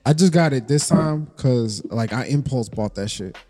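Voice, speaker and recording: A man's voice: medium pitch, lively intonation, moderate pace, dark tone, faint music behind. A man co-hosting a podcast, joking around in profane casual banter and often restarting his sentences. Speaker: podcast co-host.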